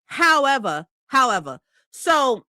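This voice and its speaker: A woman's voice: sits high, slow, dry recording. A woman book vlogger ranting in a heated, profane, casual way about reader comments. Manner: heated, profane, animated rant.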